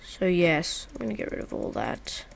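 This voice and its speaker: A woman's voice: on the low side, big pitch swings, moderate pace, vocal fry. Playful woman narrating her gameplay. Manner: chatty and playful, talking to the viewer. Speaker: gaming video creator. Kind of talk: casual let's-play commentary.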